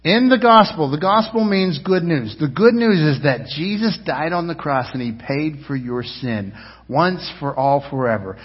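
A man's voice: fairly high pitch, animated, moderate pace, husky. A male pastor preaching a sermon with emphatic, repetitive delivery and calls to the congregation. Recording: dull lo-fi recording in a reverberant hall.

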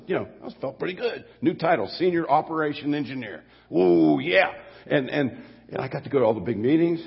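A man's voice: mid-range voice, creaky, husky. An older man, preaching a sermon as a guest pastor in a church, folksy and rambling, with restarts and storytelling asides. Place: church sanctuary. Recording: muffled church recording with long hall reverb.

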